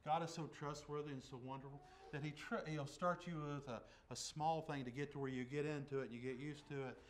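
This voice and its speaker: A man telling his conversion story in church as a lay preacher, folksy and plain, dropping to a hush and then bursting out loud. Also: on the high side, fairly even intonation, brisk, slight background noise. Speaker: lay preacher giving testimony. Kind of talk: testimony sermon. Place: church service.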